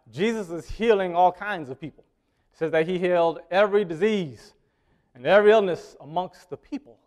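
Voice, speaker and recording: A man preaching a sermon in a conversational way, often asking the congregation questions and swinging between loud emphasis and quiet asides. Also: on the high side.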